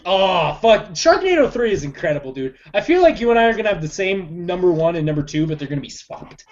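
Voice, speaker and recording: Excitable high-voiced man, lo-fi. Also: fast. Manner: excitable, exclaiming, laughs often. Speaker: podcast co-host. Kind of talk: casual chat. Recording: dull lo-fi recording.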